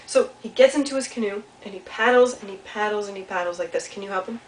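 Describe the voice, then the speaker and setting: A woman telling a children's story with puppets, animated and asking the kids questions. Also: mid-range voice, quick pace. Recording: roomy sound from a distance, faint hiss.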